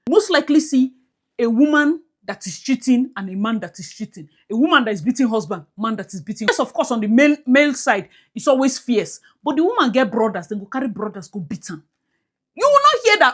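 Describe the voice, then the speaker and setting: A woman's voice: high voice, sing-song, brisk. A woman with a Nigerian accent talking to her viewers in a casual commentary vlog, emphatic, with pidgin-flavored asides. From Nigeria, Port Harcourt. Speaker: YouTube commentator.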